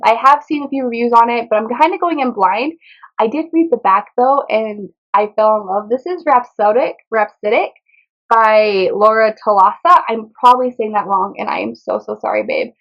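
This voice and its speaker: A woman's voice: on the high side, highs cut off. A woman chatting casually through a book haul in a rambling way, often tripping over titles and author names. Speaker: book vlogger.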